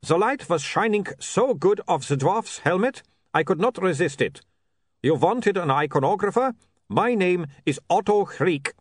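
A man's voice: sits high, lively intonation, a little slow, no room sound, clean studio sound, voice pushed up. A man reading an audiobook voices a formal, eager male vampire photographer with stiff, foreign-sounding phrasing.

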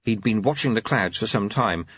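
A man's voice: on the low side, moderate pace, fairly bright tone, breathy edge, no echo. A man narrating an audiobook in a dry, wry storytelling manner on a dull, lo-fi recording. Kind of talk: scripted narration.

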